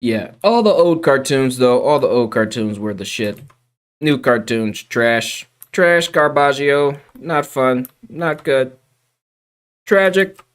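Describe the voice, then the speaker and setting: Lively rambling young streamer guy. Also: medium pitch, unhurried. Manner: rambling, swears freely, drifts from loud to muttered. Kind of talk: casual livestream chat.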